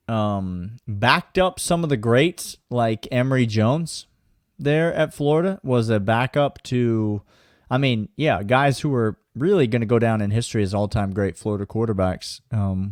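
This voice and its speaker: A man's voice: mid-range voice, a little slow, no room sound, clean studio sound. A man co-hosting a sports podcast, sarcastic and mock-serious. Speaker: podcast co-host. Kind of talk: casual sports chat.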